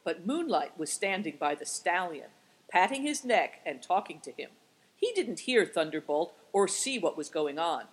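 A woman narrating a storybook with an expressive, lively delivery. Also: on the low side, moderate pace, breathy edge, low-quality recording. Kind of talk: storybook read-aloud.

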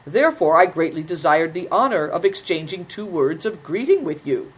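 A woman voicing a sly, courteous Mongol horseman who speaks with smooth, flowery politeness. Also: lowish voice, very animated, normal speed.

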